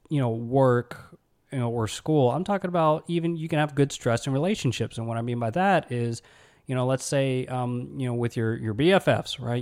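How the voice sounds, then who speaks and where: A man's voice: mid-range voice, darkish tone. A man hosting a podcast, talking casually and conversationally with lots of "you know" and "right?" fillers. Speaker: podcast host. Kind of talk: casual advice talk.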